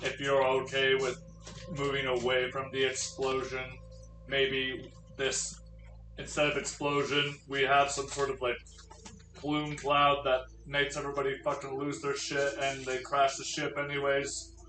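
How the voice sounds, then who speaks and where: A man voicing a male android soldier in a tabletop game, pitching a secret plan to a crewmate in a casual, matter-of-fact way. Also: completely flat delivery, measured pace, sharp tone, faint music behind. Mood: scheming. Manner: casual scheming aside to a crewmate. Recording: roomy, distant mic with faint noise.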